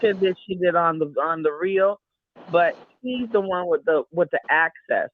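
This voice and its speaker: High-voiced male caller on a tinny line. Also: normal speed. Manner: rambling, repeats himself, opinionated. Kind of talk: casual opinionated chat. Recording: tinny phone line with faint hiss.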